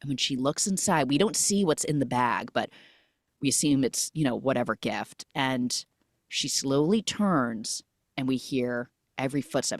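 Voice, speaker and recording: A woman recapping a film plot on a podcast in a casual, animated way, acting out characters and sound effects with lots of "like". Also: extremely low pitch, normal speed, dry recording, studio quality. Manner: animated retelling, acts out characters and sound effects, many "like" fillers.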